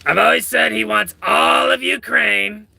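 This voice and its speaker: A man putting on a raspy, throaty voice to play a blustery older male politician who shouts. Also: high voice, expressive, a little slow, slight background noise, voice pushed up, exaggerated voice.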